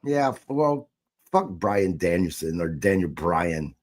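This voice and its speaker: A man's voice: sits low, big pitch swings, takes it slowly. A man co-hosting a casual wrestling podcast, blunt and dismissive, swearing freely. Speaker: podcast co-host.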